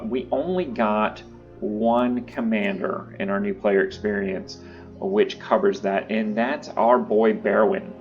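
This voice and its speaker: A man hosting his own channel, talking through card decks in a casual, relaxed way with lots of uh and um fillers. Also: fairly low pitch, lo-fi sound. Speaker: YouTube channel host. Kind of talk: casual deck-building commentary.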